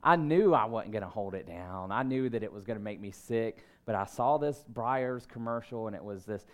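A man in his thirties preaching a sermon, telling stories about himself in a relaxed, conversational way and breaking into emphatic bursts. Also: on the low side, moderate pace. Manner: conversational, self-deprecating storytelling with emphatic bursts. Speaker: pastor.

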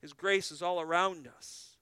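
Male preacher, slightly high and very clear tone; earnest sermon delivery, asks the congregation questions. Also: steady tone, measured pace, pushed and bright, dry recording. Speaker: pastor.

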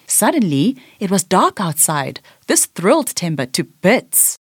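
A woman narrating a children's storybook aloud in a clear, expressive way. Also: fairly low pitch, measured pace, dry recording, clean studio sound.

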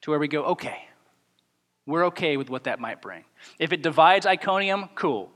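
High-voiced preacher in a reverberant hall. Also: male voice, normal speed. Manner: animated, acts out quoted voices. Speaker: pastor. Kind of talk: sermon.

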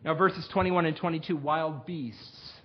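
A man's voice: a little high, unhurried, dull audio. A man preaching a sermon as pastor, speaking earnestly to his congregation and reading scripture aloud with rising emphasis. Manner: earnest, direct address to congregation.

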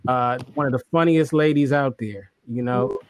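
A man's voice: medium pitch, moderate pace, smooth, no room sound. A man hosting a casual livestream chat, laid-back and slangy, laughing often. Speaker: host.

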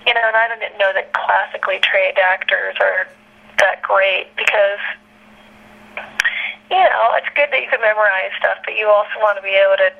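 An actress being interviewed, telling candid stories in a rambling, chatty way, full of fillers and laughter. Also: female voice, medium pitch, fairly even intonation, normal speed, creaky, narrow, tinny audio. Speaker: actress guest.

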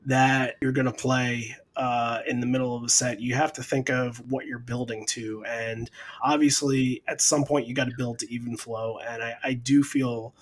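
Man, podcast host, casual music talk, rambling, enthusiastic, medium pitch. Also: flat delivery, moderate pace. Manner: rambling, repeats words, enthusiastic. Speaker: podcast host reviewing a concert.

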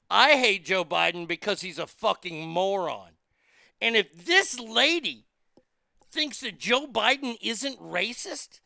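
Bright, gravelly man ranting angrily. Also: sits high, no echo. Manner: profane, heated, swearing often. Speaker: host. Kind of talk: angry commentary rant.

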